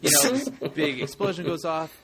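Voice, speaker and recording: A man's voice: mid-range voice, expressive, brisk, a loud crowd. A man co-hosting a podcast, joking through a movie review and slipping into goofy voices for his bits. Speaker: podcast co-host. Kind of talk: casual movie review chat.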